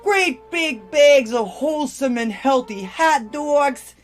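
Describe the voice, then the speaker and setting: A man voicing a brash New York Italian male pitchman in a spoof commercial, with a put-on New York Italian accent and slow, loud huckster patter. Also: lively intonation, faint music behind, exaggerated voice. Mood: hustling.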